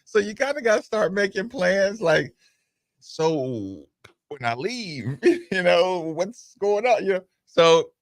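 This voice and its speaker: Brief: male radio host, animated rambling storyteller, bright forceful tone, dry studio sound. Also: medium pitch, no echo. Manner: animated, digressive, breaks into voices of others. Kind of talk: casual talk-show storytelling.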